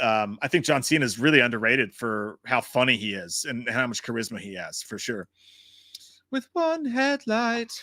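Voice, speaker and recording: A man hosts a casual livestream, swearing freely as he tells his stories with a lively, swooping pitch. His voice sits at an ordinary middle height. The sound is close and dry, with no room echo. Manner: profane, animated storytelling; answers chat comments. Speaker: host.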